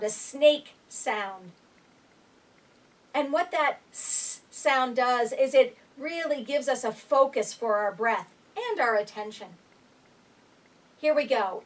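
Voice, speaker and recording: Woman, breathing instructor, calm counting, unhurried delivery, distant mic. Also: sits high. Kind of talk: guided chair breathing exercise. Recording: voice picked up from a distance.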